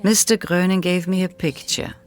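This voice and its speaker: A woman reading a measured voice-over translation for a documentary. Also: on the low side, steady tone. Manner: measured, read.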